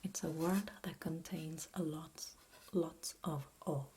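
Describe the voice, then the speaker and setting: Italian lady whispering a slow asmr lesson, low breathy voice, says words for you to repeat. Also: steady tone, warm tone, slight background noise. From Italy. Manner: slow, patient whispered teaching, drawing out words for the listener to repeat. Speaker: ASMR language teacher. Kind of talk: whispered role-play.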